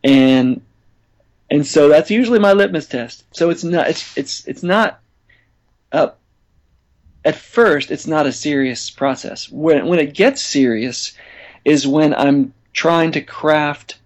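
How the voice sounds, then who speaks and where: A man being interviewed as a songwriter guest, talking in a relaxed, chatty way and laughing easily. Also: fairly high pitch, slow, muffled recording. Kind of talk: casual interview chat.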